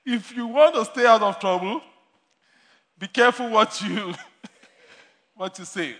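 A man's voice: high-pitched, measured pace, a bit bright. A man preaching a sermon, telling stories with frequent laughter and repeating his main points. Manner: storytelling with laughter, repeats key lines. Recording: long hall reverb.

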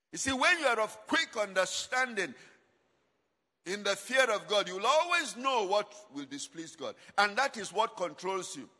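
A man's voice: sits high, sing-song, normal speed, sharp tone. A man preaching a sermon, asking the congregation to finish his lines, with emphatic swings in volume. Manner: call-and-response questions to congregation; emphatic, dramatic shifts in volume. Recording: long hall reverb.

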